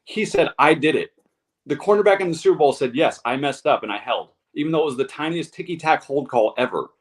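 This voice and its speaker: A man's voice: on the high side, expressive, fast talker. A man co-hosting a football talk show, blunt and heated, ranting with profanity. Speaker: sports show co-host. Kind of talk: casual sports talk.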